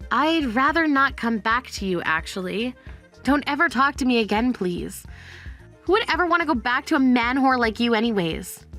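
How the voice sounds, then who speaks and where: A defiant young divorcee, voiced by a woman in a story drama. Her voice is high, and her tone is cold, firm, and cutting. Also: expressive, normal speed, fairly bright tone, faint music behind.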